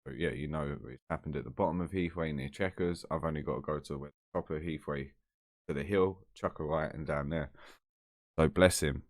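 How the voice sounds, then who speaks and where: A man's voice: a bass voice, steady tone, a little fast, no echo, clean studio sound. A man telling a story to camera in a blunt, chatty, heavily sweary way. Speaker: vlogger.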